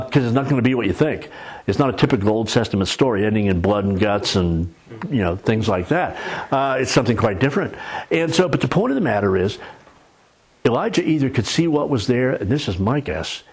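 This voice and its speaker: Husky man preaching conversationally. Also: medium pitch. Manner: conversational storytelling with folksy humor. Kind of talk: sermon.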